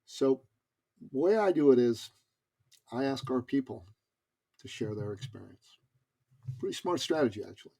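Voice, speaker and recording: A man's voice: mid-range voice, sing-song, normal speed, creaky, long pauses, mellow, slightly rough. A middle-aged man telling a personal story as a podcast guest, earnest and emphatic. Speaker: podcast guest, business coach.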